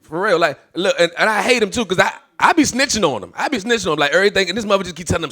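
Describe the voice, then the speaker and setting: A man's voice: sits high, lively intonation, racing, bright, forceful tone. A man in his thirties doing a stand-up comedy set, brash and swearing, acting out the people in his stories.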